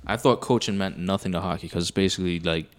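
Man, low voice, podcast co-host, questioning, halting restarts, casual chat.

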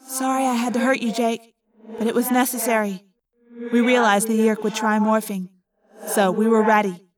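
A woman voicing a gentle teenage girl. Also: fairly high pitch, little pitch movement, normal speed, distant mic, a crowd in the background, natural voice. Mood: reassuring.

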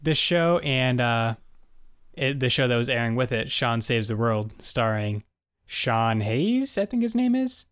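A man's voice: mid-range voice, big pitch swings, measured pace, a bit bright, clear, resonant tone, dry recording. A young man talks casually as a podcast co-host, walking through facts with easy filler words. His voice sits in a middle range. The sound is dry and close, with no room around it. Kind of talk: casual chat reviewing an old sitcom.

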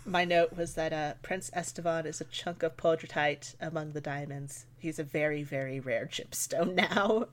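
A woman's voice: low-pitched, moderate pace, hardly any pauses. A woman co-hosting a casual book review podcast, laughing often and mocking characters in silly voices. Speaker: podcast co-host.

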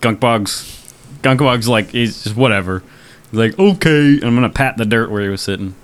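A man's voice: lowish voice, steady tone, moderate pace. A man playing a tabletop game, chatting in a jokey, offhand way. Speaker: player. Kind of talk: casual chat at a tabletop game.

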